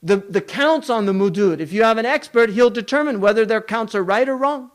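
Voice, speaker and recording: A man's voice: high-pitched, animated, brisk. A man giving a religious lecture, emphatic, running through long lists and asking rhetorical questions. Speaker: Islamic scholar lecturing.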